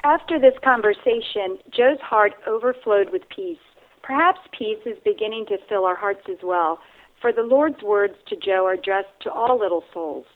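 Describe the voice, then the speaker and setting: Woman, calm devotional reader, mid pitch, thin phone-line sound. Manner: calm, measured, addressing the listener. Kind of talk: devotional reading and reflection.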